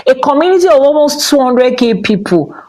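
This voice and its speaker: Nigerian woman, Ifa priestess, casual spiritual talk, expressive, whispers and high exclamations. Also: a little fast, rough recording.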